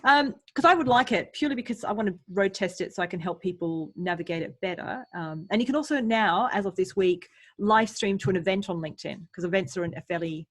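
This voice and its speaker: Host: woman, husky, chatty, video call sound. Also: medium pitch. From Yorkshire, England. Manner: chatty, quick, lively. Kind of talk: online group meetup.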